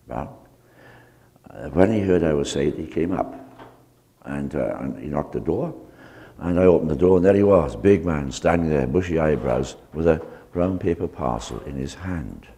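Very deep-voiced man preaching in a hall. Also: expressive, mellow. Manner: unhurried anecdotal storytelling. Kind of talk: sermon with personal testimony. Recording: long reverb of a hall.

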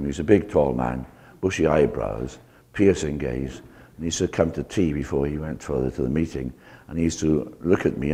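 A man preaching a sermon, telling a personal testimony in an unhurried, anecdotal way. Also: rumbling low, warm tone. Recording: long reverb of a hall.

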